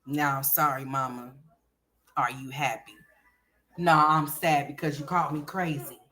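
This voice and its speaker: A woman's voice: low voice, fairly even intonation, unhurried, bright, forceful tone. A woman hosting a casual livestream, playfully scolding and teasing her young sons. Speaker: livestream host.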